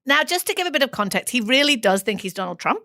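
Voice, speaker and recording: A woman podcast host recapping the news in an opinionated, animated, chatty way. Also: a little high, fast, no room sound, studio quality. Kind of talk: casual chat.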